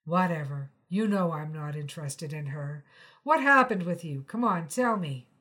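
A woman's voice: low voice, animated, moderate pace, pitched below the performer's own voice. A woman reading the part of a young male musician, defensive and earnest, speaking emphatically. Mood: insistent. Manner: louder, emphatic and pleading.

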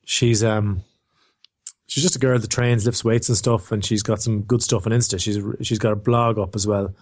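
A man's voice: fairly low pitch, fairly even intonation, moderate pace. A young man, chatting and joking on a podcast, rambling with lots of filler words. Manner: rambling, jokey, full of "like" and "um". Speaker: podcast co-host. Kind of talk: casual chat.

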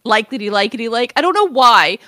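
Bright giggly lady cohosting a podcast, says like a lot, bouncy high voice. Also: lively intonation, brisk, dry recording, clean studio sound. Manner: giggly, chatty, lots of "like" fillers. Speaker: podcast co-host. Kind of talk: casual chat.

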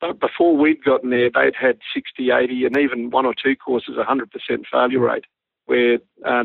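An Australian man, a former Army pilot, telling stories in an interview, relaxed and self-deprecating, laughing as he goes. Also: mid-range voice, creaky, dry recording. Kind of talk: anecdotal interview storytelling. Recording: dry, phone-like lo-fi line.

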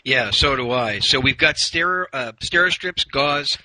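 A man hosting a casual interview has a very bright, sharp tone. His replies are short and agreeable, with a dry, sarcastic edge at times. His pitch is in the middle range for a man. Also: expressive, measured pace, a little hiss or hum, low-quality recording. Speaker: podcast host.

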